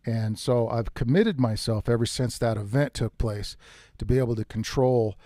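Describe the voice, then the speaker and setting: A man telling a tense first-person hunting story in a casual, animated way, with some mild swearing. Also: medium pitch, moderate pace, no echo, studio quality. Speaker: outdoors storyteller.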